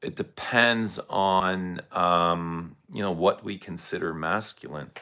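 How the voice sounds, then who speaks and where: A man's voice: deep voice, slow pace, bright, forceful tone. A man hosting a casual fragrance livestream, rambling loosely and reacting to viewer comments. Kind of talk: casual livestream chat answering chat.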